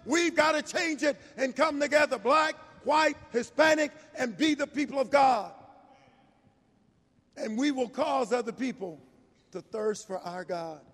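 A man in his sixties preaching a sermon, telling a personal story in a folksy, animated way. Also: very high-pitched, measured pace. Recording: echoey hall reverb.

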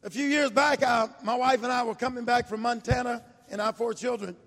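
A man in his sixties preaching a sermon, telling a personal story in a folksy, animated way. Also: very high-pitched, fairly quick. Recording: echoey hall reverb.

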